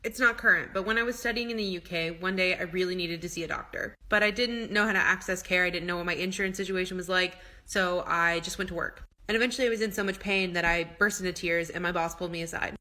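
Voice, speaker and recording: A woman telling a personal story in a rapid, animated way. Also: fairly low pitch. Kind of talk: storytime clip.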